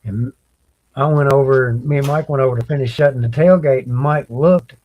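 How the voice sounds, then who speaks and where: Casting note: male co-host, easygoing plain talker, unhurried storytelling. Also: medium pitch, muffled recording. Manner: laid-back, plainspoken, drawn-out telling. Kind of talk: casual storytelling.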